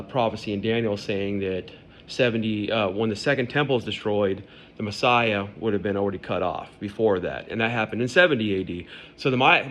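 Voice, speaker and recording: A man hosting a podcast from home, talking conversationally and speaking straight to his listeners. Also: mid-range voice. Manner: conversational, addresses listeners directly. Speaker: podcast host. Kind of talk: casual podcast monologue on faith.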